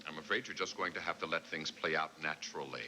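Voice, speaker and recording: An actor playing a wry heavenly superior who scolds an angel, with dry, deadpan wit. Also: male voice, extremely low pitch, fast talker. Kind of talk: 1990s sitcom acting. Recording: noisy, hissy TV recording.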